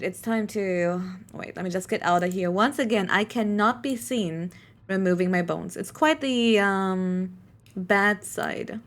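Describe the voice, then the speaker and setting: A woman's voice: mid-range voice, unhurried. A woman streamer, not a native English speaker, chatting casually over gameplay in a rambling way with lots of fillers.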